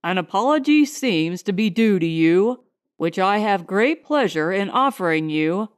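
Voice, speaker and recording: A woman voicing a calm, polite male householder in close to her own voice. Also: mid-range voice, a little slow, clear, resonant tone, no echo, lightly acted. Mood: courteous.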